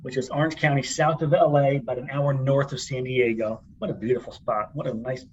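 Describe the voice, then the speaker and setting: A middle-aged man jokes and chats as a podcast co-host, talking from an office conference room. His voice sits at an ordinary pitch for a man. The laptop recording sounds a little dull, with faint background noise. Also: steady tone, brisk. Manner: chatty, joking. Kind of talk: casual chat. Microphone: laptop mic.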